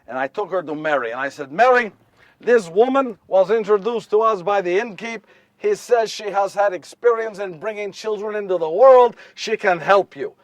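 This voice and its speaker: A high-pitched, earnest young Joseph, played by a man in a stage monologue, telling his tale wryly with repeated phrases. The sound is dry and picked up from some distance. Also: moderate pace, no room sound, close to an everyday voice. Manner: repetitive, wry storytelling with self-corrections. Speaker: solo stage performer. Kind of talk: first-person dramatic monologue. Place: live stage before an audience.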